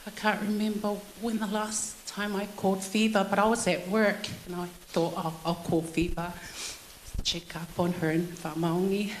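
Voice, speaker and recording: A woman speaking at a family funeral service in a church hall, her voice bouncing around the room. She tells her stories in a loose, chatty way, with a few fillers, at an ordinary pitch. A faint hum of noise sits under the echo. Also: flat delivery, normal speed. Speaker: daughter-in-law giving a tribute. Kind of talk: funeral tribute speech.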